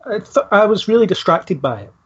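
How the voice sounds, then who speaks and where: Husky-voiced man hosting a film podcast. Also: sits high, very animated, brisk. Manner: easygoing, hesitant, many fillers. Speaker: podcast host. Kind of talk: casual film discussion. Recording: dull lo-fi podcast audio.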